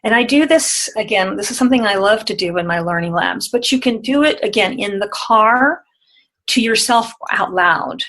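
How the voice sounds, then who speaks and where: A woman guest explains presentation techniques in an easy conversational flow. She talks with energy and breaks into quick demonstrations of the exercises she teaches. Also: mid-range voice, expressive, fairly bright tone, poor audio. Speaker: guest, speaking and presentation coach. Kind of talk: conversational interview.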